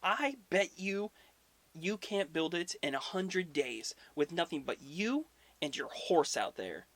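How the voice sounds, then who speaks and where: A man's voice: on the high side, takes it slowly, voice pushed up, full character voice. A man voicing a scheming male trickster god, eager and wheedling. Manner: excited, wheedling.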